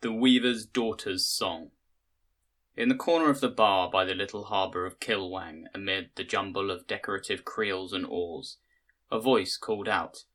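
A man with a lowish voice and a bright, forceful tone reads a literary short story. His delivery is measured and careful, in a polished scripted storytelling style. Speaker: podcast reader.

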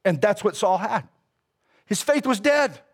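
A man preaching a sermon as a pastor, casual and animated, with slang. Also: high-pitched, unhurried, breathy edge.

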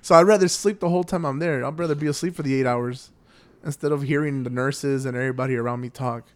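A man's voice: medium pitch, fast. A man in a casual podcast chat, easygoing and laughing along with his friends. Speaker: podcast co-host.

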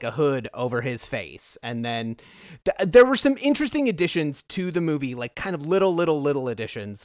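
A man co-hosting a podcast, talking through a book and its film in a relaxed, agreeable way. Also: mid-range voice, no room sound, clean studio sound. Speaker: podcast co-host. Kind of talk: casual book-and-film discussion.

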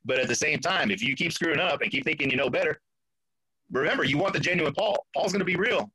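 Animated husky man telling a story. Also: fairly high pitch, quick pace, no room sound, poor audio. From Florida. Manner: animated, acts out quoted voices, laughs often. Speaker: guest. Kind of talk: storytelling in a podcast interview.

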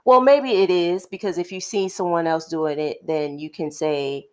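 Woman co-host, low voice, thoughtful and measured, casual chat delivery. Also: steady tone, clear, resonant tone. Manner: thoughtful, measured, with many "um" pauses. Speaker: podcast co-host.

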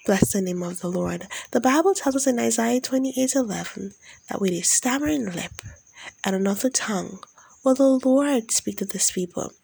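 A woman minister leading a fervent, solemn spoken prayer, with repeated declarations in a steady devotional cadence. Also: fairly high pitch, moderate pace, gravelly, slight background noise.

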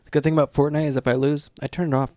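A man's voice: a little high, level tone, very fast, warm tone, no echo, clean studio sound. A young man co-hosting a podcast in loose, chatty talk, full of "like" and "um". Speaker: podcast co-host. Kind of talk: casual chat.

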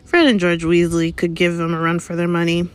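A woman's voice: lowish voice, little pitch movement, brisk, close to an everyday voice. A woman reading aloud, voicing a big, good-natured male groundskeeper in a jovial way. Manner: jovial, chuckling. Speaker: reader. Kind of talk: read-aloud audiobook.

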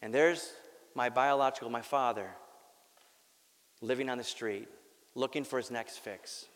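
Earnest pastor preaching in a reverberant hall. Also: male voice, mid-range voice, fairly even intonation, unhurried, a bit bright. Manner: earnest, candid, wry jokes, repeats words. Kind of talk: sermon with personal story. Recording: long reverb of a large hall.

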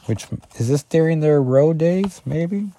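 A man's voice: fairly high pitch, measured pace, warm tone, slight background noise. A man, a father, reviewing a comic book in a casual, rambling solo talk, full of fillers and self-corrections as he reads through the issue.

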